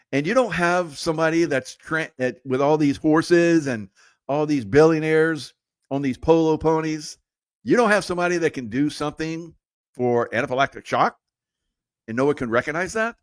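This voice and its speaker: A man's voice: a little high, normal speed, no room sound, studio quality. A middle-aged man telling a casual, rambling story with a conspiratorial edge and frequent laughs. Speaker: podcast host.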